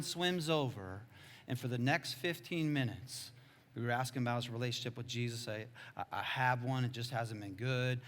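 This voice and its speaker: A man preaching a sermon as a pastor, telling a story with lively, self-mocking humor and sudden swings between hushed and loud. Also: medium pitch, moderate pace.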